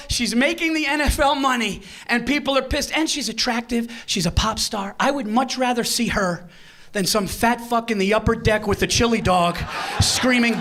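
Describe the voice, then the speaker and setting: A man doing a stand-up comedy set in a live venue, brash and profane, shouting his punchlines. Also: high-pitched, expressive, moderate pace.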